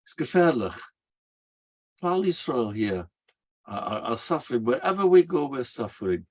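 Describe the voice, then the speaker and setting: Very animated and at a moderate pace, a medium-pitched man preaches as a rabbi before a live audience, weaving stories, self-answered rhetorical questions, and Hebrew and Yiddish terms. The recording is dull and lo-fi.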